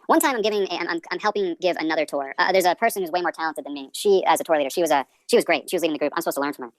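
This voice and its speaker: A man's voice: on the high side, very fast, no echo. A male comedian in his twenties hosting a podcast, rambling through tangents in a self-deprecating way.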